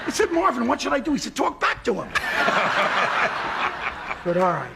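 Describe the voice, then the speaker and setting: A man from Brooklyn with a very high, lively voice spins a comic anecdote as a talk show guest, acting out every part of the exchange himself. The television broadcast carries a clear layer of noise under him. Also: moderate pace, pauses often. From Brooklyn, New York. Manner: animated storyteller, voices both sides of dialogue.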